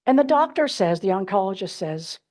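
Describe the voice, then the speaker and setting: A woman's voice: medium pitch, very animated, fairly quick, a little mellow. Woman telling a candid personal story. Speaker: keynote speaker. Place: symposium stage before an audience.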